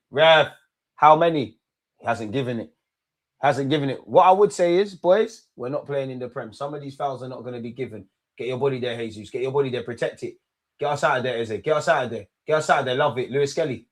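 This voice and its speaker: A man streaming a live football watchalong, excitably shouting at players and the referee and bantering with his chat. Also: mid-range voice. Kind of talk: live match reaction commentary.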